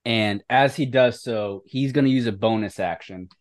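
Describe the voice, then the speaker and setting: A man running a tabletop game as game master, calling rolls and describing the action. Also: medium pitch. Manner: brisk rules narration.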